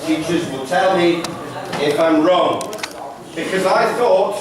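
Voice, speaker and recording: A man's voice: fairly high pitch, slow, a crowd in the background. A man telling stories to schoolchildren, chatty and full of playful asides. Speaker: visiting storyteller. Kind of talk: storytelling to schoolchildren. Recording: echoey hall from far off.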